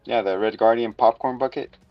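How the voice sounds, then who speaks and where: A man's voice: mid-range voice, fairly even intonation, a little fast, no echo, lo-fi sound, soft background music. A man co-hosting a casual comedic show review, joking and rambling playfully. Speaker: podcast co-host.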